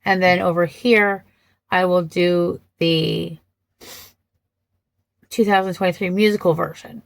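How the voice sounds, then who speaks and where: Slow, gravelly-voiced woman reviewer. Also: lowish voice, steady tone, no room sound. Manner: thoughtful, hesitant, many ums and restarts. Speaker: vlogger reviewing films. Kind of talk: casual film commentary.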